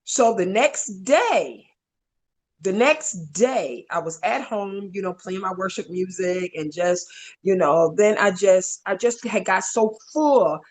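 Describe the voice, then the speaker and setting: A middle-aged woman, wife and caregiver of a stroke survivor, telling her story in an interview with animated, emotional delivery. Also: slow. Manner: animated, voice jumps high when reliving moments.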